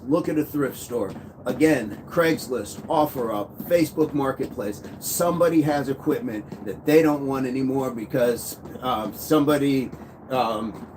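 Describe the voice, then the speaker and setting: A man in his thirties hosting a live fitness stream, walking on a walking pad as he reads viewer comments aloud in an upbeat, chatty way. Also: mid-range voice. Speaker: fitness livestream host. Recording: faint background noise.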